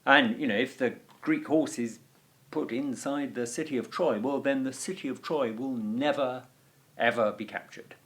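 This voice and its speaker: A man's voice: medium pitch, normal speed, a bit bright, close to an everyday voice. A man voicing a sly male Greek spy, hemming and hawing through a made-up story in a storytelling lesson. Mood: wheedling. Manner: hesitant, rambling excuses.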